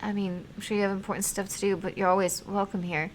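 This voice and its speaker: A woman voicing a hopeful young wife who talks in an earnest, hurried way, read aloud from a text game. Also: mid-range voice, flat delivery, a little hiss or hum, close to an everyday voice.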